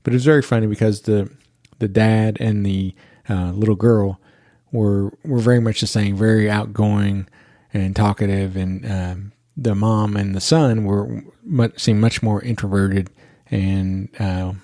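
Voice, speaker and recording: A man's voice: lowish voice, fairly even intonation, a little slow, mellow, dry recording, clean studio sound. A man hosting a podcast, telling a story in a chatty way and laughing as he goes. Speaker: podcast host. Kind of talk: casual storytelling.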